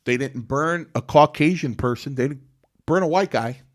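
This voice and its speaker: A man's voice: mid-range voice, moderate pace, no room sound, clean studio sound. A man hosting a casual talk show, telling stories in a rambling way with many restarts and fillers. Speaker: podcast host. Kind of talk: casual chat.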